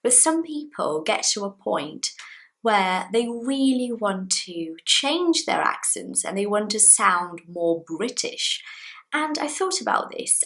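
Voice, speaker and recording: A woman, a Portuguese speaker, talks straight to camera as an English teacher. Her voice sits at a middle pitch, and she keeps it chatty, with bouncy pitch jumps on the words she stresses. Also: creaky, a bit bright, low-quality recording. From Brazil. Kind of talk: casual video lesson to camera.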